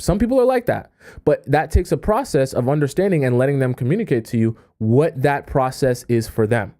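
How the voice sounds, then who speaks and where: Male dating coach, warm and mellow voice, chatty live-stream delivery with constant "okay?" check-ins. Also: medium pitch, lively intonation, brisk. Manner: conversational, keeps checking in with "okay?" and "right?". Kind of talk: live stream advice talk.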